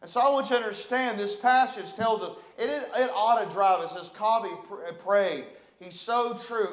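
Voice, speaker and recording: A man's voice: high-pitched, moderate pace, hardly any pauses, roomy sound. A man preaching a sermon as pastor, fervent and repetitive with emphatic delivery.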